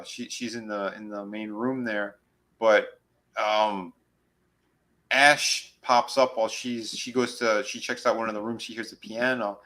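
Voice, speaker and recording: A man co-hosting a horror review podcast, excitedly retelling episode scenes in a rambling, casual way. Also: fairly low pitch. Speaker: podcast co-host.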